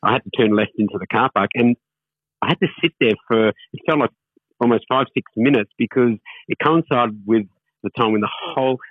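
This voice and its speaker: A man's voice: medium pitch, a little fast, husky, dry recording. A man with a reflective, hesitant manner, full of fillers, speaking as a guest in a radio interview over a phone line. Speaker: interview guest, football club figure. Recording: tinny phone line, dry.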